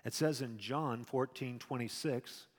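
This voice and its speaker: Man preaching, conversational, emphatic then hushed, echoing hall. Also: mid-range voice, measured pace. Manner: conversational preaching, shifts between loud emphasis and quiet asides. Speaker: pastor. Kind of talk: sermon.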